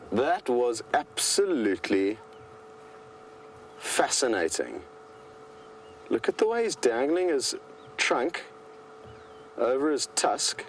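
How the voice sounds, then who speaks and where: A man giving live commentary as a safari guide from a vehicle in the bush. He sounds calm, chatty and enthusiastic. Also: medium pitch, slight background noise.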